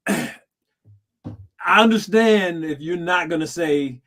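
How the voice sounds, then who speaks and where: A man's voice: fairly high pitch, drawn-out words, fairly bright tone. A man co-hosting a podcast, telling stories in casual slangy chat and laughing often. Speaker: podcast co-host.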